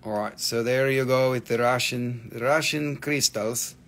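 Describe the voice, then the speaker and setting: A man's voice: mid-range voice, fairly even intonation, measured pace, fairly bright tone. Joking, profane man selling crystals live. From US East Coast. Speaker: livestream seller of minerals. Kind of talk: casual live-sale chat.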